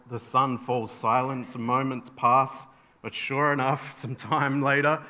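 A man's voice: mid-range voice, flat delivery, unhurried. Guy pastor giving a sermon, tells stories with voices, kinda dull recording. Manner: storytelling, acts out voices in anecdotes.

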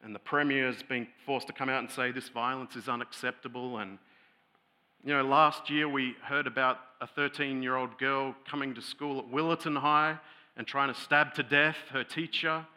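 A male pastor delivers a sermon in a loose, conversational way, full of asides and restarts. His voice is very bright and forward, and it sits at an ordinary pitch for a man. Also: steady tone, normal speed. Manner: storytelling, growing loud and heated when retelling an angry scene; conversational with many fillers and restarts.

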